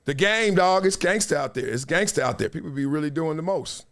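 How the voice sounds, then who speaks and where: Animated high-voiced male storyteller. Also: a little fast, hardly any pauses. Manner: animated, acts out quotes in voices; slangy, repeats phrases for effect. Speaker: show host. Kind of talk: casual storytelling monologue.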